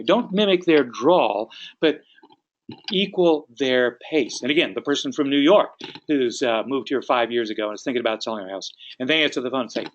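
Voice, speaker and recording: A man's voice: medium pitch, lively intonation, fairly quick, muffled recording. A man who leads a sales training session. He explains his points in an instructive way and acts out sample phone calls. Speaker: real estate sales trainer. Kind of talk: training talk.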